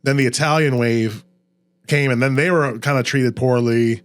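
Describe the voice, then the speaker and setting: A man's voice: medium pitch, fairly even intonation, normal speed, clear, resonant tone. A man from Louisiana hosting a casual podcast chat, explaining local history and pronunciations at length. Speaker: podcast host.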